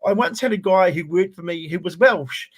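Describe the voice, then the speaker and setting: A man with a New Zealand accent, ranting in a lively, self-mocking way as he co-hosts a casual talk show. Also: sits high, normal speed. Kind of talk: casual chat.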